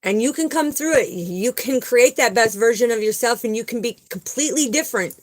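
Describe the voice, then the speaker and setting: A spiritual vlogger speaks in a slightly high, animated voice at a fairly quick pace, and the audio is poor. She gives a casual, earnest spiritual talk and testimony, sharing a personal story and often repeating herself for emphasis.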